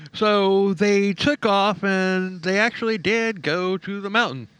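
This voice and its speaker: A man co-hosts a true-crime podcast in a loose, joking way, laughing often as he tells the story. His voice sits a little higher than most men's and is recorded close and dry, with no room sound. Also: a bit bright, clean tone, no echo. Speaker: podcast co-host.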